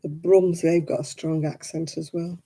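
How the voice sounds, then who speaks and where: A woman from Oldham with a softened northern English accent, chatting casually on her crafting video and laughing often. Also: low voice, level tone, normal speed, breathy edge. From Oldham, England. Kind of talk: casual chat.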